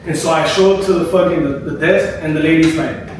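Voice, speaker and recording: A young man with a slightly higher voice recounts his story in a relaxed, slangy barbershop chat, swearing freely and tagging "bro" onto his sentences. He sits back from the mic in a very echoey room with faint noise behind him. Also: a little fast, far from the mic. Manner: loose, swearing, says "bro" constantly. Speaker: barber and podcast co-host.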